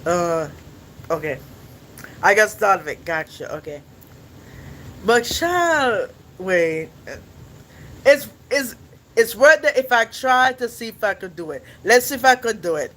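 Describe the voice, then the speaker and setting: A man's voice: sits high, very animated, slow pace, pauses often, a bit bright, slight background noise, low-quality recording. A young man hosting a podcast, chatting casually with his viewers in a rambling, playful way and laughing often. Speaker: podcast host.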